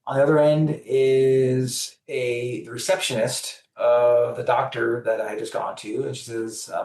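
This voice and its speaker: As a podcast guest, a man with a mid-range voice tells a personal story a little slowly and with hardly any pauses, animatedly acting out the voices of the people in it. He's far from the mic, and the room is echoey.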